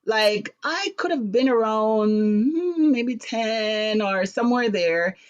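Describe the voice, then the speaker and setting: A middle-aged woman from Jamaica hosting a live talk stream, telling a personal story with lively, indignant delivery. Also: a little high, slow pace, highs cut off. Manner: animated, acts out voices in quotes, rising to sharp indignation. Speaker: host of a live talk show.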